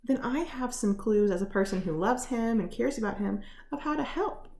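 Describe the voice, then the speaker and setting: Gentle woman teaching from home. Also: a little high, lively intonation, normal speed, gravelly, roomy sound. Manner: gentle, explanatory, many fillers. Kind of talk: casual home lesson on feelings. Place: living room.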